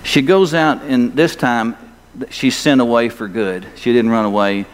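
A man's voice: mid-range voice, unhurried. A male pastor preaching a sermon, emphatic and full of rhetorical questions for the congregation. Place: church sanctuary. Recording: long hall reverb.

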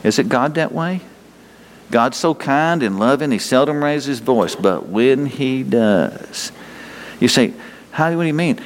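A man's voice: mid-range voice, lively intonation, slow pace. A middle-aged man preaching a sermon in a folksy way, asking his listeners question after question and chuckling often. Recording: long hall reverb.

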